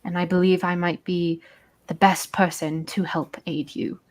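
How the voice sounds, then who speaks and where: A woman's voice: lowish voice, little pitch movement, measured pace, a little mellow, natural voice. A woman voicing a gracious female jungle guide, speaking formally in a put-on British accent. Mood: courteous. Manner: courteous, formal phrasing.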